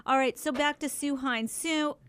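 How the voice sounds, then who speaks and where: A woman's voice: sits high, steady tone, moderate pace, a bit bright. A middle-aged woman hosting a radio talk show, chatting casually and rambling with lots of fillers and restarts.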